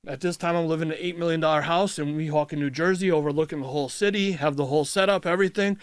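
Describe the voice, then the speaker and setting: A man with a fairly high voice, a guest in a radio studio. He tells his story bluntly in short, punchy bursts and swears freely. The sound is dry and close, with no room echo. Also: steady tone, clean tone. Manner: blunt, swears freely, retells events in quick clipped phrases. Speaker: interview guest. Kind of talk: casual storytelling. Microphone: studio microphone.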